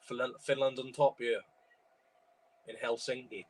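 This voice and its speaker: Watching a football stream at home, a young man from Wales provides live commentary and chat in a mid-range, flat, slightly slow voice. Despite a sore throat and tickly cough, he's chatty, reacts loudly to chances and chants along to the songs.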